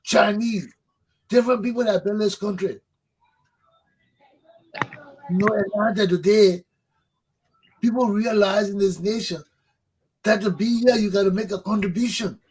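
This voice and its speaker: A man's voice: high-pitched, normal speed, a little mellow, slightly rough, rough recording. A man, hosting a talk show, delivering a fervent political monologue that preaches, repeats points for emphasis and swears. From Liberia.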